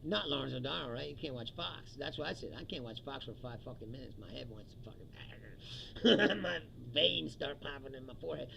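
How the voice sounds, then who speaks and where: A man's voice: mid-range voice, expressive, brisk, creaky, bright, forceful tone, poor audio. A man from the United States hosting his own comedy show, ranting angrily and profanely about the news and laughing often.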